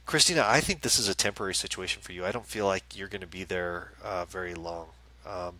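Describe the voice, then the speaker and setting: A man's voice: low-pitched, sharp tone, low-quality recording. A man hosting a live-stream as a psychic medium, chatting casually and reassuringly, with many fillers and restarts. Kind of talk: casual live-stream chat, reading viewer questions.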